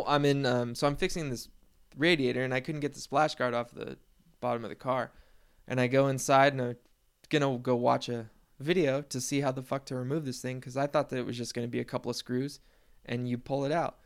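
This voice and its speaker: Casual male vlogger, mid-range pitch, smooth tone, rambling and profane. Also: steady tone, brisk. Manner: rambling, profane, self-deprecating storytelling with laughs.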